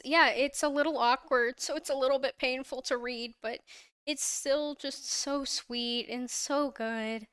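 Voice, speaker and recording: Young woman, livestream host, gushing fan energy; bright-pitched, very clean voice, dry and close on mic. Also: clean tone, no room sound. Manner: gushing and giggly, frequent laughs and restarts. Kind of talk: casual fandom chat on a livestream. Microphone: own microphone, close.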